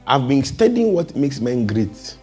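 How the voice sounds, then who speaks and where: A man's voice: mid-range voice, measured pace, slightly rough, faint music behind. A man preaching a sermon and calling out to the congregation. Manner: animated, calls out to the congregation.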